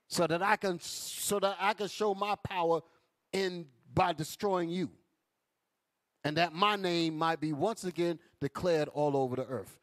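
A man teaching a Bible class in an emphatic preaching style, calling out to his listeners. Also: sits high. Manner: emphatic, calls out to the audience.

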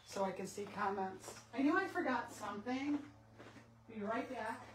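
A woman's voice: fairly high pitch, expressive, normal speed, very noisy. A middle-aged woman hosting a live art demo from her home studio, chatting casually, greeting viewers by name and laughing often.

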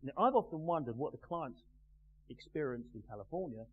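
A man teaching a live class in a measured, emphatic way, pausing and putting questions to the group. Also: medium pitch, expressive, husky. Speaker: NLP trainer. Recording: tinny phone-like sound with faint hum.

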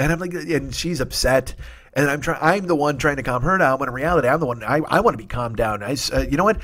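Male comic host, forties, swears a lot, excitable solo storyteller. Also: medium pitch, fast talker. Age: 40s. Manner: profane, excitable, self-interrupting. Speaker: comedian podcast host. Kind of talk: rambling comedic monologue.

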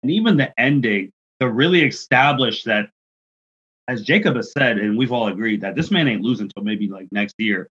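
A man's voice: mid-range voice, animated, moderate pace, a bit bright, slightly rough, dull audio. A man co-hosting a casual podcast, leading the review and asking his co-hosts for their takes. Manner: leads the segment, asks others for takes. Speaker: podcast co-host.

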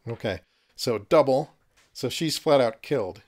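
A man's voice: mid-range voice, lively intonation, measured pace. Chatty man running a tabletop game. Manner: chatty, laughs at his own jokes. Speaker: game master. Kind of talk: narrating a tabletop miniatures game.

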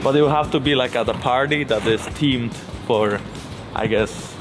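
Brief: mid-pitched man, deadpan self-mockery, music underneath. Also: moderate pace. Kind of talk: joking to-camera chat.

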